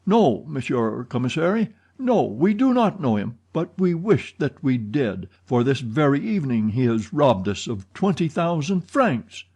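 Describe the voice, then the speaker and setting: A man voicing an agitated middle-aged opera manager in an audiobook, pleading and accusing loudly. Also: mid-range voice, measured pace, hardly any pauses, breathy edge, pitched above the performer's own voice, heavily acted. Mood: indignant. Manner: excited, pleading, shouting accusations. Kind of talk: audiobook character reading.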